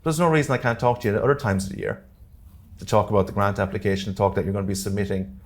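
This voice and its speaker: A man with an Irish accent presenting a live workshop to a room, talking quickly and jokily and often checking in with "okay?" and "all right?". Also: lowish voice, steady tone, creaky. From Ireland. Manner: fast-talking, jokey, keeps checking in with the audience. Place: community centre meeting room.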